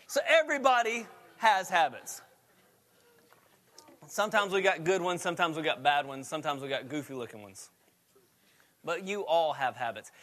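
A man's voice: very high voice, bright, forceful tone, a little hiss or hum. A man preaching a sermon in a chatty storytelling way, laughing often as he tells stories. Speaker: pastor.

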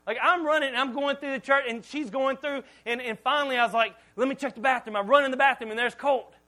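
A man's voice: extremely high pitch, quick pace, low-quality recording. A male pastor preaching a sermon, telling stories with humor and often repeating words as he starts sentences. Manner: animated storytelling with humor.

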